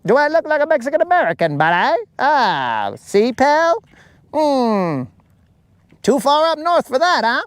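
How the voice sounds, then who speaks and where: A man's voice: very high-pitched, very animated, unhurried, dry recording, pitched above the performer's own voice, full character voice. A man putting on the voice of a touchy grown man who takes offense and keeps calling people buddy and pal. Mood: indignant. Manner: prickly, repeating "buddy" and "pal".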